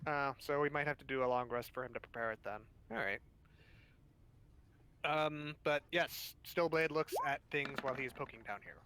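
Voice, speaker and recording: A man's voice: medium pitch, moderate pace, bright, forceful tone, slight background noise. A man speaking as a player in a tabletop game, hesitant and full of fillers.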